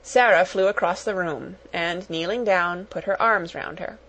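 A woman narrating a children's storybook aloud in a measured, even-paced way. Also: fairly low pitch, poor audio. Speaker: audiobook narrator. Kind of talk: storybook reading.

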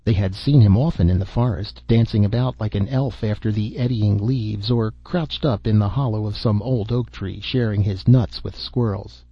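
Husky-voiced man reading a fairy tale. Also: lowish voice, moderate pace, few pauses, no room sound. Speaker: audiobook narrator. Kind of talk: storybook narration. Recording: dull, dry lo-fi recording.

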